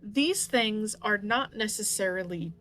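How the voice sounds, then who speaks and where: Slow, hesitant woman game master. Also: mid-range voice, a bit bright. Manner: hesitant, lots of restarts. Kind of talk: narrating a tabletop game.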